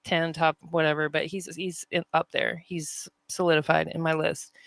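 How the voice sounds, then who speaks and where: A woman hosting a rap podcast, chatting in a relaxed, easygoing way with plenty of ums and filler words. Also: low-pitched, normal speed, vocal fry, no room sound. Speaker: podcast host. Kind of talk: casual chat.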